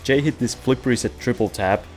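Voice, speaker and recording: A man's voice: mid-range voice, moderate pace, darkish tone, faint music behind. A young man hosting a casual gaming news roundup, joking and poking fun at himself as he talks into a webcam. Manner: playful, jokey, self-mocking. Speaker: host of a game news show. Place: away from home.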